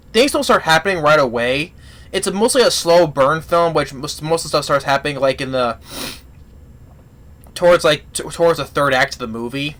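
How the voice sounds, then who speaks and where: A man giving a casual spoken movie review, retelling the plot in a rambling, halting way full of restarts. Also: a little high, a bit bright.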